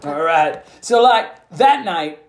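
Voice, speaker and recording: A man's voice: on the high side, expressive, takes it slowly. A man reading a children's story aloud in a slangy, laid-back surfer-dude manner. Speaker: guest co-reader. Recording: echoey room.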